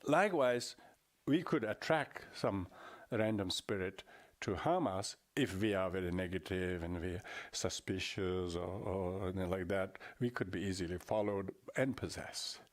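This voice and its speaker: An older man giving a dharma talk as a Buddhist lama, halting and often restarting his words. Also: sits low.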